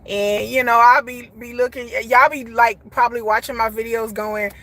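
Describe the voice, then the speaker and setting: A woman, chatting casually to her viewers on a phone live stream from inside a parked car, animated and talkative. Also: fairly high pitch, moderate pace. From Texas. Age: 40s. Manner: chatty, animated, often laughs and says y'all. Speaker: vlogger. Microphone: phone held at arm's length.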